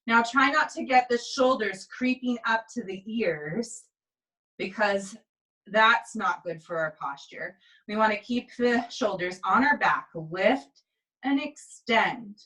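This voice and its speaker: A tired woman instructor calmly cueing pilates moves and counting through the reps, recorded on a camera mic a few steps away in an indoor studio. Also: mid-range voice, slow, recorded from a distance, low-quality recording. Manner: calm step-by-step cueing with counts. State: tired, yawning. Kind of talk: guided exercise instruction. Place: indoor exercise space.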